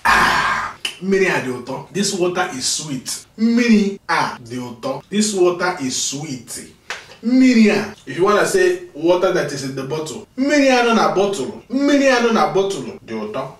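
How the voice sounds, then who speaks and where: A tired man teaching vocabulary in a casual video lesson, repeating each word slowly for pronunciation and chatting between drills. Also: sits high, sing-song, a bit bright, recorded from a distance. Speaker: language teacher. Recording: echoey room, mic set back.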